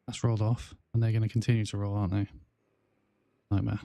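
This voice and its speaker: On a gaming livestream, a man from South Wales with a South Welsh accent chats in a rambling, casual way, full of fillers and restarts. He speaks fast in a level tone, his voice low, mellow and touched with vocal fry, and the recording is dry.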